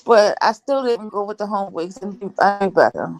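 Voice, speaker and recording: A woman's voice: medium pitch, fairly quick, darkish tone, dry recording. A woman co-hosting a livestream chat, blunt and teasing, with slangy talk. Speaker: livestream co-host. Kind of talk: casual chat.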